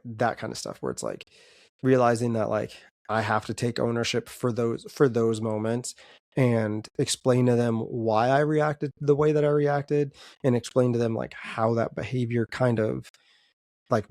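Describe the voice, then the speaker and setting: A man in the middle of the pitch range, speaking as a podcast guest. He talks in loose, rambling sentences full of fillers, open and self-reflective. The sound is dry and close, with no room around him. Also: creaky, darkish tone, no echo. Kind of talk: casual podcast chat.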